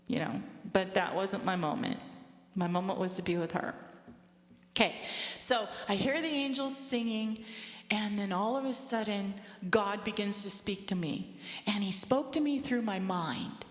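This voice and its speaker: A woman in her fifties shares a personal testimony in an earnest, chatty way, often turning to her listeners. Her voice sits at an ordinary middle pitch. It rings out through a roomy hall with a long, trailing reverb. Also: unhurried. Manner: earnest, conversational storytelling with asides to listeners. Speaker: speaker giving a testimony.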